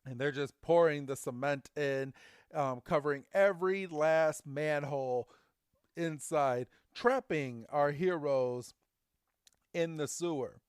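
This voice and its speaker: A podcast co-host casually recaps a cartoon episode, animatedly acting out the characters' lines in silly voices. His voice is a little high, slow and clear, with a resonant tone. The recording is clean studio sound with no room echo.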